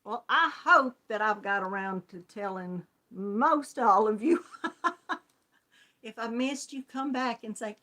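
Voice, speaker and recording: A middle-aged woman with a Southern US accent hosts a crochet channel, greeting viewers in casual, friendly chat, laughing often and calling them hon. Her voice sits on the high side, bright and forceful, and she takes her time.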